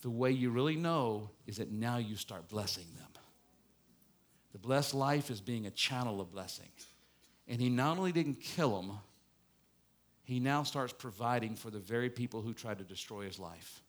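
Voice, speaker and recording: A man preaching a sermon as a pastor, swinging between loud emphatic passages and quiet reflective ones. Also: mid-range voice, animated, moderate pace. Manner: preaching with strong rises and falls, mock-gloating asides.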